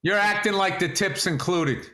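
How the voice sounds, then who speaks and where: A man's voice: high voice, normal speed, bright, forceful tone, echoey room. A man co-hosting a podcast, chatting casually and profanely, joking and ribbing his co-host. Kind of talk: casual comedic chat.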